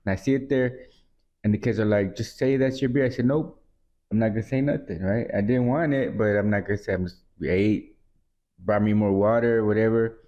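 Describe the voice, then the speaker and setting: Low-voiced laid back guy on a podcast, says yeah a lot, kinda dull muffled sound. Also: brisk. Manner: easygoing listener, lots of "yeah", relaxed anecdote telling. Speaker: podcast co-host. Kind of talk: casual chat.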